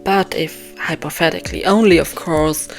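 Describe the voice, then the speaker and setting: A woman's voice: low-pitched, moderate pace, soft background music. A woman voicing a secretive, theatrical grown man from her own novel, speaking coyly and dramatically. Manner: coy, theatrical.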